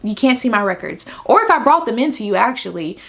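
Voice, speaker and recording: A woman's voice: fairly high pitch, sing-song, fast, gravelly, fairly bright tone. A young woman telling a personal story to camera in an emphatic, venting way, repeating her points for stress. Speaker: vlogger. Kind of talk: casual storytime.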